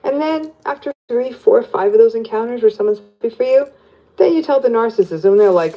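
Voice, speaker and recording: A woman psychologist explaining in an interview, animated and lively as she acts out what people say. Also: fairly high pitch, brisk, rough recording. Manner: animated, plays out quoted voices. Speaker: psychologist guest.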